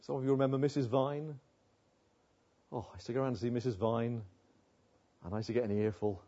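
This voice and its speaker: A man's voice: medium pitch, steady tone, brisk, warm tone, lo-fi sound. An older man preaching a sermon as pastor, earnest, often asking rhetorical tag questions.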